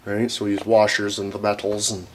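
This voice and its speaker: A man's voice: fairly low pitch, monotone, fairly quick, a little hiss or hum. A young man vlogging while he works in a workshop, rambling, joking and swearing constantly. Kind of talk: profane casual chat while working.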